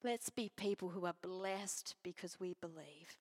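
A woman preaching a sermon and reading scripture, earnest, moving from strong emphasis to soft near-whispers. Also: on the low side, measured pace. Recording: long hall reverb.

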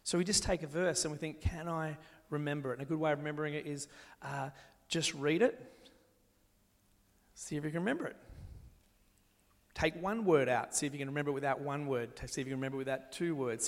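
Gravelly-voiced man preaching in a hall. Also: fairly high pitch. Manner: gentle, slows down to read scripture aloud. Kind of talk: sermon. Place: church hall. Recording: long echo of a large hall.

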